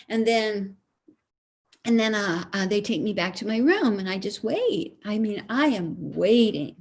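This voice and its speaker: A middle-aged woman telling a comic story in an animated, self-mocking way. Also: medium pitch. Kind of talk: comic storytelling at a live stream concert.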